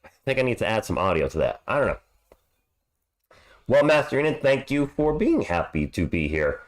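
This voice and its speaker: A hoarse man hosting a live sports stream, chatting upbeat and greeting viewers by name. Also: mid-range voice, wildly swooping pitch, moderate pace. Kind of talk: casual live play-by-play chat.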